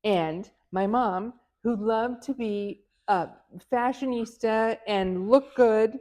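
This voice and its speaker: A middle-aged woman, an author giving an interview, tells family stories with real animation, laughing often and performing the voices of the people in them. Her voice sits on the high side and she speaks slowly.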